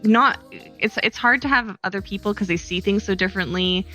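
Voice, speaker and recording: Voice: medium pitch, brisk, bright, forceful tone, soft background music. A stream co-host in casual chat, encouraging and hesitant, with frequent restarts.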